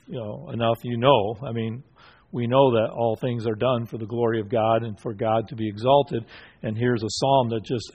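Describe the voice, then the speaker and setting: A man's voice: mid-range voice, lo-fi sound. A man teaching a Bible study group, asking questions and affirming answers, with many fillers and restarts. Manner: halting, with frequent fillers and restarts.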